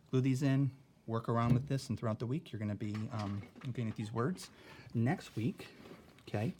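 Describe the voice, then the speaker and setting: A man with a fairly low voice teaches a spelling lesson to his class. He walks through each step plainly and keeps checking in with a quick "okay?". Faint noise sits behind him. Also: darkish tone.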